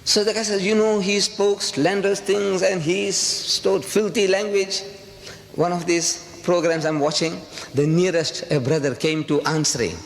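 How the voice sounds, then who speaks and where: A man's voice: high-pitched, fairly even intonation, measured pace, vocal fry. An older man from South Africa giving an impassioned, rhetorical lecture to a live audience, repeating phrases for emphasis. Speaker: public speaker. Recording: echoey hall with faint hiss.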